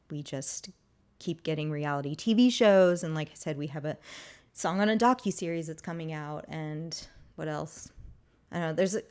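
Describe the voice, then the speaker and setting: A young adult woman chatting casually as an interview guest, talking freely with many "like" and "um" fillers. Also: deep voice. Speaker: guest, music agency co-founder.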